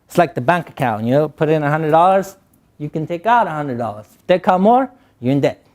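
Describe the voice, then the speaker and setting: Giving a motivational speech to young people, this man speaks in a high, slightly mellow voice carrying a Guatemalan Spanish accent; Spanish is his first language. He's a joking storyteller who performs different voices.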